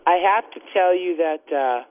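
A woman's voice: low voice, moderate pace. A woman calling in to a radio show, giggly and teasing. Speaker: caller. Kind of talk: call-in chat. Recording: tinny phone line.

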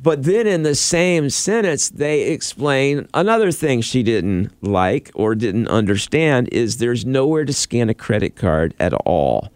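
A man's voice: mid-range voice, a little slow, hardly any pauses, smooth, dry recording. A man hosting a morning radio show, telling stories in casual banter. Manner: lively storytelling, animated.

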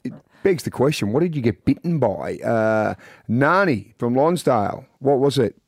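A man's voice: mid-range voice, moderate pace, vocal fry, dry recording, clean studio sound. A middle-aged Australian man hosting a radio show, telling stories in casual chat and acting out the people he quotes. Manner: animated storyteller, acts out quotes. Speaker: radio host. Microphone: studio microphone.

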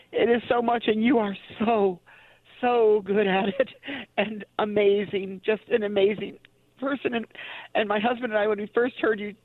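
A woman's voice: on the high side, no echo. A woman calling in to a radio show, effusive and emotional in her praise. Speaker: caller. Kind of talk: phone-in call. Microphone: telephone. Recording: dull phone line.

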